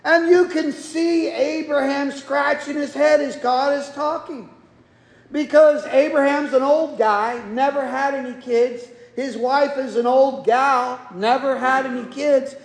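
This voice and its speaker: A man preaching a sermon, telling the story in a folksy way and acting out the quotes. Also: very high-pitched. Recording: echoey hall.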